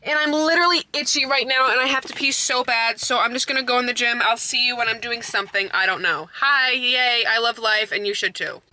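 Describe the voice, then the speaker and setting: A woman's voice: a little high, fairly quick, few pauses, pushed and bright, a little hiss or hum. A young woman and fitness coach chatting casually to her phone camera in a vlog, bubbly and swearing now and then. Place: home, then car and gym.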